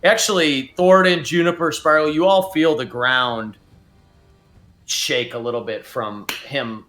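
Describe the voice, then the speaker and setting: Bright-voiced male game master. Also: fairly high pitch, fairly even intonation, measured pace, faint music behind. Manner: casual, descriptive narration with fillers. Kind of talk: narrating a tabletop game.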